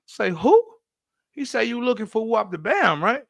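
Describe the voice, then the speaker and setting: A high, gravelly male voice that swoops up and down as he tells his stories, acting out the people in them. He talks in a bright, sharp tone, with loose, profane podcast banter, recorded dry and close. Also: normal speed, dry recording. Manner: animated storytelling, profane, acts out voices. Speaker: podcast co-host. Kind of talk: casual chat.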